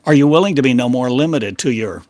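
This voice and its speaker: A man delivering a channeled sermon as a spiritual teacher, declaiming rhetorical questions in short, broken phrases that swing between loud emphasis and quiet low drops. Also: animated, fast, no room sound.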